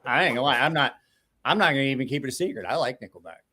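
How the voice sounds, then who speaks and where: A man's voice: mid-range voice, lively intonation, racing, bright, forceful tone, breathy edge. A man in his forties telling rambling stories in casual, profane chat, swearing constantly and laughing often. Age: 40s. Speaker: podcast host.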